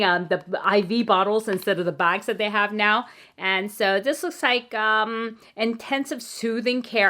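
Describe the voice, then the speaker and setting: A woman's voice: a little high, fairly bright tone. A woman vlogger chatting casually as she unboxes friend mail, gushing and full of fillers. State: tearful. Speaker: beauty vlogger.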